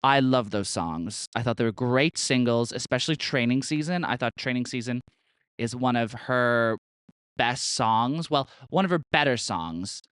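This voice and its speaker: A man's voice: medium pitch, animated, normal speed, a bit bright, smooth, no echo. A young man hosting a podcast in casual chat, chatty and gushing, peppered with fillers and swearing. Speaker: podcast host.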